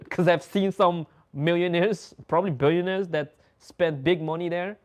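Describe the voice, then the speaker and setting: A Dutch-speaking man hosts a livestream, telling casual stories in English with a high voice, steady tone, and measured pace. He laughs a lot and acts out what other people said.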